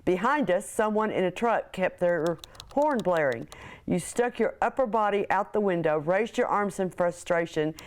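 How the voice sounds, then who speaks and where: A woman's voice: on the low side, animated, moderate pace. A woman in a news feature interview, laughing easily as she recalls her husband's love notes. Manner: amused, laughs easily, reads notes aloud. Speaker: interviewee, wife.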